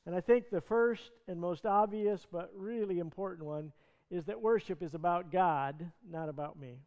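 A man with a high voice preaches to his congregation, retelling a scripture story in plain, earnest words. His voice rings out with a long reverb from a church hall. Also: moderate pace, a little mellow. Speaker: pastor. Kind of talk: sermon. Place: church sanctuary.

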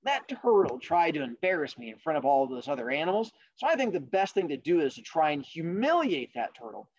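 A man's voice: fairly high pitch, big pitch swings, brisk, dry recording, muffled recording. A man voicing a boastful male rabbit who taunts the other animals in a cartoonish storytelling voice. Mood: scheming. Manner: brash, taunting. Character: cocky fast male rabbit, boastful trash-talker.

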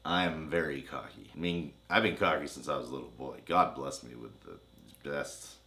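A man's voice: very deep voice, steady tone, moderate pace, bright, forceful tone. A young man co-hosting a trailer reaction video, trading crude, teasing jokes in casual chat. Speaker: co-host of a trailer reaction channel.

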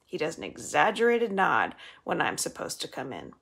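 Woman librarian reading aloud, storybook delivery; low, husky voice. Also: huge pitch swings, moderate pace, a bit bright.

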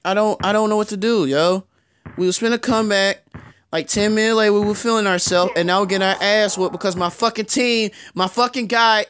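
A young man reacting out loud to a basketball video game, frustrated, swearing and yelling as he plays. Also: high voice, steady tone, brisk, a little hiss or hum. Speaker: gaming YouTuber. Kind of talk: live gameplay commentary.

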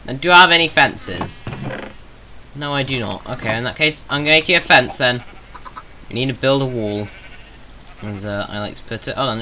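A man's voice: medium pitch, sharp tone, slight background noise, poor audio. A man with a Southern English accent, rambling through casual gameplay commentary with self-mocking jokey asides. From England. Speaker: gaming YouTuber.

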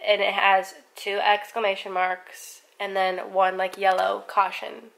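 Creaky-voiced young woman vlogging. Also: mid-range voice, flat delivery, a little slow, fairly bright tone, rough recording. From United States. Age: young adult. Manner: chatty, lots of "like", drops to a near whisper when tasting. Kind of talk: casual vlog chat.

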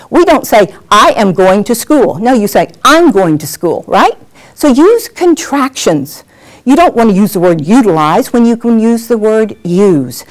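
A middle-aged woman teaching a workshop on presenting on camera, animated and acting out examples as she talks. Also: medium pitch. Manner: lively, animated, acts out examples. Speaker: on-camera skills coach. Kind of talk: workshop lesson.

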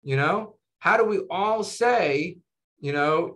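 A man's voice: high-pitched, slow pace. A man speaking as a physician guest in a casual interview, telling stories animatedly and tagging his sentences with "right?" and "you know". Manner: animated storytelling, tags 'right?' and 'you know'.

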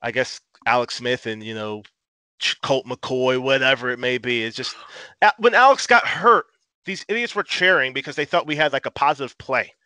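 A man co-hosting a casual sports podcast, an animated, profane fan who rants. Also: medium pitch, moderate pace, no room sound. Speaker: podcast co-host.

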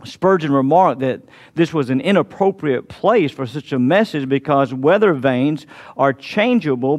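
A man preaching a sermon as pastor, fervent and emphatic, slowing down to stress key phrases. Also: mid-range voice. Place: church sanctuary.

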